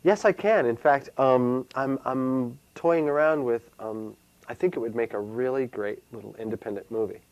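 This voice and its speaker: A man with a gravelly, creaky voice answers interview questions, pausing often and restarting his sentences. The sound is dry and close. He speaks casually, thinking aloud as he goes. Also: medium pitch, a little mellow, no room sound, dull audio. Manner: hesitant, many fillers and restarts. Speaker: solo performer and playwright.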